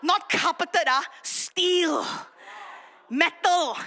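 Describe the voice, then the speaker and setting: Young woman pastor, high ringing voice, animated sermon delivery. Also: extremely slow. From Singapore. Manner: animated storytelling, self-mocking with laughs and acted gasps.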